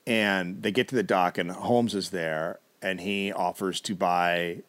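A man's voice: sits low, fairly even intonation, a little slow, fairly bright tone. A man co-hosting a comedy podcast, telling a history story casually with wry asides and the odd swear.

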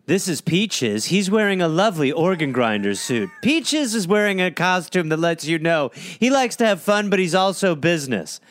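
A man's voice: high voice, sing-song, moderate pace, hardly any pauses, no room sound. A man putting on the voice of a cheery presenter showing off a costumed monkey, in sing-song showroom patter. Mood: chipper.

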